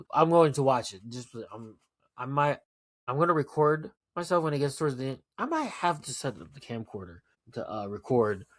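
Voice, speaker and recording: A man hosting a solo podcast, talking casually in a blunt, profane, animated rant. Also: medium pitch, no echo, studio quality. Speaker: podcast host.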